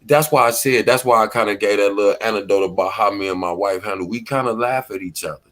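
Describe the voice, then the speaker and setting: Middle-aged guy w/ aave, chill commentary chat, kinda low voice, acts out what people said. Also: quick pace, fairly bright tone. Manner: laid-back storytelling, acts out quoted lines. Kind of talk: casual commentary talk.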